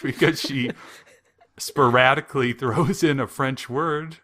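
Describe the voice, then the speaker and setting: Young male podcast co-host, bright forceful tone, dry sarcastic recap with chuckles. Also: medium pitch, a little slow. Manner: wry, sarcastic storytelling with frequent chuckles. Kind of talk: casual podcast chat.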